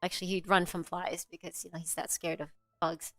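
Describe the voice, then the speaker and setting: A woman's voice: lowish voice, level tone, fairly quick, dry recording, soft background music. Middle-aged woman rambling thru a personal story, swears a lot, dry close sound. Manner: candid and rambling, with frequent fillers and swearing. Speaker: co-host.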